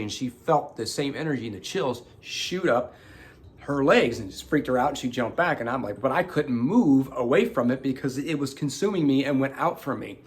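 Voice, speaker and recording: A middle-aged man hosting a show, telling a personal story in casual talk and acting out the voices of the people in it. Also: mid-range voice. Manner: animated, acts out quotes with sudden loud outbursts. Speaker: host.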